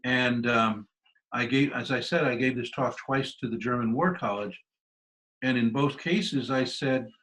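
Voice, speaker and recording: A man's voice: medium pitch, measured pace, fairly bright tone, poor audio. A man giving a history lecture with slides, talking in a loose conversational way with many fillers and restarts. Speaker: guest lecturer.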